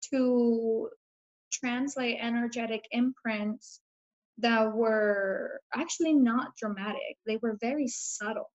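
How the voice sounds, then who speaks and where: A woman guest telling a personal story in an earnest, reflective way, full of casual fillers. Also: on the high side. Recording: dull lo-fi recording.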